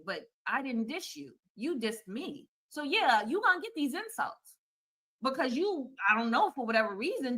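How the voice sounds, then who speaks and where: A woman telling a personal story on a live stream, animated and profane, acting out the quoted dialogue. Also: a little high. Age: adult. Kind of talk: casual storytime rant.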